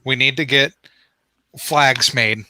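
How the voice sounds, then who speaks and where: A man's voice: medium pitch, fairly even intonation, slow pace, pushed and bright, no room sound, low-quality recording. A man on a podcast panel who repeats and restarts words as he works through his point. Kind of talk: casual podcast chat.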